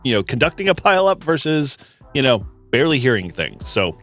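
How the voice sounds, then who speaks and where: A man's voice: medium pitch, very animated, brisk, fairly bright tone, faint music behind. A man from Massachusetts with a Boston-area accent, hosting a casual live quiz chat and laughing often. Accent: Boston-area American. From Massachusetts, USA. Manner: laughs often, chatty with restarts. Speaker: host.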